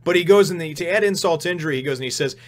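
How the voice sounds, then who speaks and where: A man hosting a casual manga chapter review, talking excitably and rambling with lots of "you know" and "right?", now and then acting out the characters' lines in a raised voice. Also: a little high, racing. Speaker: host of a manga review channel.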